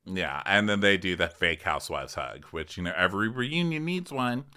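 Male co-host, sarcastic recapper, bright and animated. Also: low voice, moderate pace, clear, resonant tone. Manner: wry, sarcastic asides. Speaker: podcast co-host. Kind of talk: casual comedic recap.

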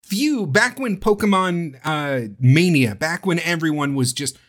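A man hosting a casual podcast about video games, talking in an animated, rambling way and swearing freely. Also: fairly high pitch, measured pace. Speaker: podcast host. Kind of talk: casual chat.

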